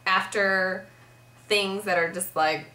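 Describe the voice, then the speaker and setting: A woman's voice: medium pitch, steady tone, slow pace, pushed and bright, echoey room. A young woman vlogging in a casual, rambling chat to camera, filling her sentences with "like". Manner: chatty, rambling, heavy use of "like".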